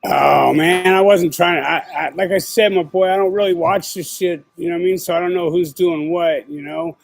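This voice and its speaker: A man's voice: a little high, fairly even intonation, moderate pace, gravelly, rough recording. A middle-aged man hosting his own show, talking casually and rambling in profane street slang with lots of fillers. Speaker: podcast host. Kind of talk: casual livestream chat.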